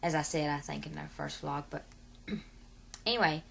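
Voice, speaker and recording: Woman in her 30s, low gravelly voice, rambling vlog chat, faint hiss behind. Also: normal speed, a bit bright. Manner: rambling, long-winded, many fillers and asides. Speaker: vlogger. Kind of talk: casual vlog talk to camera.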